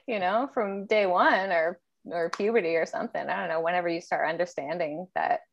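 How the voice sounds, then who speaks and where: A woman's voice: fairly low pitch, fairly quick, vocal fry, lo-fi sound, a little hiss or hum. Reflective woman chatting on a podcast. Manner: reflective, laughs often. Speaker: podcast co-host. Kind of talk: casual chat.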